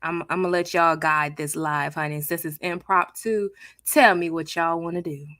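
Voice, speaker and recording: A woman hosting a live stream, chatting with her viewers in a sassy, casual way with a soft, near-whispered delivery on a close mic. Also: low-pitched, steady tone, moderate pace, dry recording. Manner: chatty, sassy, talks to chat as "child" and "honey". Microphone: new close studio mic.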